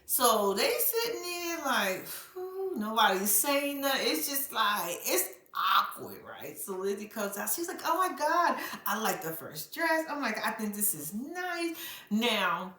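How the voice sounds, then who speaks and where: A woman talks through a reality show episode in a bright, fairly high voice that swings widely in pitch as she tells the story. Her delivery is animated and profane, full of asides to her viewers. The room around her sounds echoey. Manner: animated, profane, dramatic storyteller who laughs often and addresses viewers as "y'all". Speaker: reality show recap host. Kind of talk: casual recap commentary.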